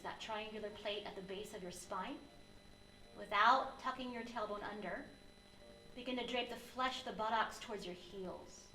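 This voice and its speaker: A woman teaching a yoga class, giving gentle, unhurried cues for breath and posture. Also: a little high, reverberant, slight background noise, poor audio. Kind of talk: guided yoga class instruction.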